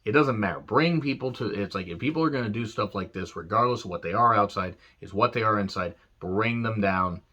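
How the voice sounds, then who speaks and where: A man's voice: fairly low pitch, a little fast, hardly any pauses, sharp tone. A man reviewing an old wrestling show in a casual, rambling rant, earnest and full of fillers.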